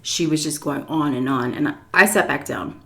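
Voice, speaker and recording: A chatty woman in her thirties tells a story between bites, animated and full of fillers. Her voice sits on the lower side and moves loosely. It sounds like she is speaking at a table into a camera mic. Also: normal speed. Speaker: vlogger. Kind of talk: storytime vlog while eating.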